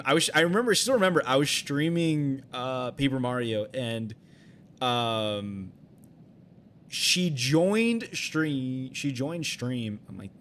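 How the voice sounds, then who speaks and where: A young man chatting on a live game stream in a voice of ordinary middle pitch. He rambles through a personal story, circling back and restarting sentences, with plenty of fillers and loose swearing. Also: fairly bright tone, a little hiss or hum.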